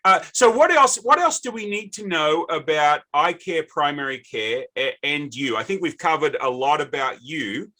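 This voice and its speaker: A man's voice: a little high, lively intonation, moderate pace, few pauses, pushed and bright. A middle-aged man with an Australian accent hosting a podcast, chatty and rambling through anecdotes. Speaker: podcast host. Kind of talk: casual interview chat.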